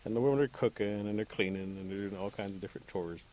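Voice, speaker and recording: A man telling a folktale aloud as a storyteller, animated and voicing each character. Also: on the low side, fast talker.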